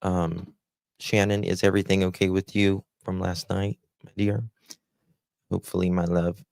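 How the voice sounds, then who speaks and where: A man hosting a live stream, slowly greeting viewers by name with endearments like honey and my dear, heartfelt and gentle. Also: sits low, flat delivery, creaky, dry recording. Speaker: livestream host.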